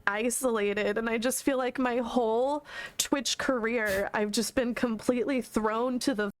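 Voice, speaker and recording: Upset woman streamer, halting speech. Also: fairly high pitch, steady tone. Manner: halting, full of "like" fillers. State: upset, close to tears. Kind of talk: emotional stream talk. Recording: clip played from a stream.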